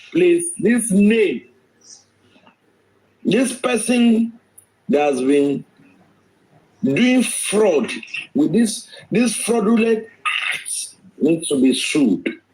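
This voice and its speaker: A man's voice: high-pitched, expressive, slow pace, pauses often, a little mellow, poor audio. A man speaking emphatically on a live stream, repeating phrases, his voice swinging sharply up and down. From Nigeria. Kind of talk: impassioned live-stream talk.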